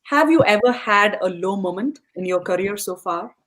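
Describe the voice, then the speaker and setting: A woman's voice: medium pitch, expressive, normal speed, a bit bright. A woman hosting a podcast, asking questions in an encouraging, appreciative way. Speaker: podcast host. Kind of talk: interview questions.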